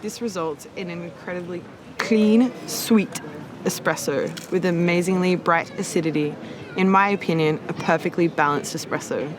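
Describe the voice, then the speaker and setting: A woman's voice: fairly low pitch, normal speed, noisy background. A woman, a competing barista, rehearsing her lines and chatting frankly and casually. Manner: casual, frank, swears freely. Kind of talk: rehearsing and candid chat.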